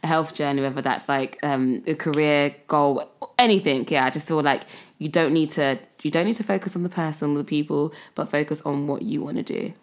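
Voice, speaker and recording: A young woman hosts a relaxed podcast chat. Her voice sits a little low, and she rambles, looping through fillers and false starts as she thinks aloud. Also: brisk, hardly any pauses. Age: young adult. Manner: rambling, many fillers and restarts. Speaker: podcast host. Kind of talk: casual chat.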